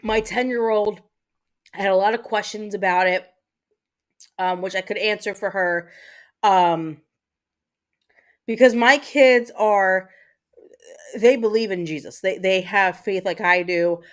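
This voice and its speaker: A woman's voice: mid-range voice, slow, pauses often. Chatty, rambling woman livestream host. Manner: chatty, rambling, lots of fillers and swearing. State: mentally exhausted. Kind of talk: casual chat with live viewers.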